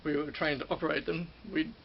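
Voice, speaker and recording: Here a former ride operator from Australia, middle-aged, reminisces loosely about the job, repeating and correcting himself as he goes. He talks briskly in a higher-than-average voice with a level tone and vocal fry. Faint hiss sits over a dull-sounding recording.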